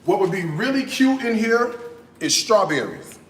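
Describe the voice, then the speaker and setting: American man, cooking show host, sassy live-stream chat, fairly high voice, echoing kitchen. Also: a little slow, a little hiss or hum. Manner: sassy and animated, tags lines with "okay?". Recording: roomy echo.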